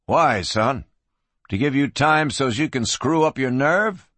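A hard-bitten veteran marshal, as a man reading a western voices him, cold and cutting with open contempt. His husky voice moves freely in pitch and lands each jab. Dry, close sound. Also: lively intonation, measured pace, fairly bright tone, no echo. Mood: scornful.

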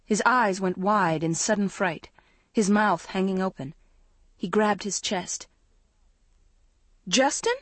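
A woman narrating a young-adult novel in a measured storytelling voice. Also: medium pitch, fairly even intonation, a bit bright, no echo. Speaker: audiobook narrator. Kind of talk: scripted narration.

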